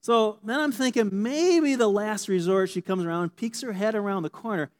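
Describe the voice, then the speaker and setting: A man preaching a sermon with a slightly high voice, talking in a loose, conversational way. He keeps checking in with his listeners with a quick "okay?" and acts out little scenes as he goes. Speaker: pastor.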